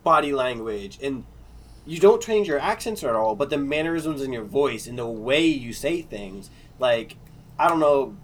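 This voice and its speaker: A man's voice: medium pitch, expressive, moderate pace. A man chatting loosely about role-playing games, rambling with lots of fillers and the odd swear. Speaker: player and game master. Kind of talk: casual podcast chat.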